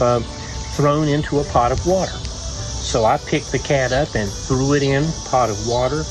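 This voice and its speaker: A man telling stories in an unhurried, folksy way by an outdoor fire, pausing often with "uh". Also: mid-range voice, low-quality recording. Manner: unhurried, folksy, lots of "uh" pauses. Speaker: video blogger. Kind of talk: relaxed storytelling by a campfire. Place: outdoors beside a fire at night.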